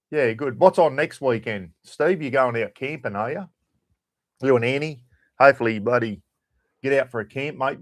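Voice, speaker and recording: A middle-aged Australian man hosting a casual live stream, chatting loosely and greeting viewers by name. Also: medium pitch. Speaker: livestream host.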